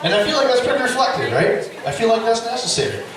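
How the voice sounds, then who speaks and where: A middle-aged man doing stand-up storytelling, animated and profane, with loud yelling bursts. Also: extremely high pitch, fast, a crowd in the background. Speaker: stand-up comedian. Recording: echoey club, distant mic, audience. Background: audience laughter.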